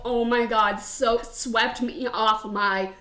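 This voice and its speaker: A woman co-hosting a casual podcast chat, animated and laughing, swearing offhandedly and full of "like" fillers. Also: a little high, slow, roomy sound, very noisy. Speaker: podcast co-host.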